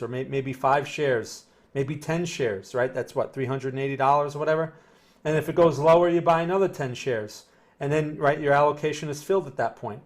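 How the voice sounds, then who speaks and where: A middle-aged man with a New Jersey accent giving live market commentary, talking casually and answering viewer chat as he goes. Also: fairly high pitch. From northern New Jersey. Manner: conversational, repeats himself, reads chat aloud. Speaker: market analyst streaming live.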